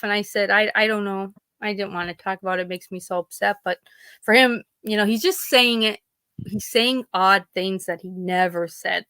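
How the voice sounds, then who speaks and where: A woman's voice: medium pitch, normal speed, pushed and bright, clear, resonant tone, dry recording. Chatty woman telling family stories. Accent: Pennsylvania. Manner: rambling storytelling, acts out quoted family members. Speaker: podcast host. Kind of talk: casual chat.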